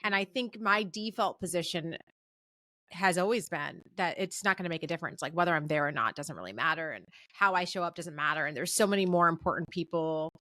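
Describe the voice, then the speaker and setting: Bright, emphatic woman in her thirties. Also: fairly low pitch, fairly quick, dry recording, clean studio sound. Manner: emphatic, preacher-like encouragement. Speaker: guest, communications professor. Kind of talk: conversational podcast interview.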